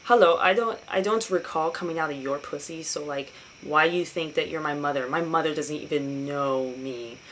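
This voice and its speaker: A woman's voice: deep voice, normal speed, hardly any pauses, fairly bright tone, slight background noise, rough recording. A young woman ranting in a casual vlog, sarcastic and profane, slipping into mocking voices. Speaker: vlogger.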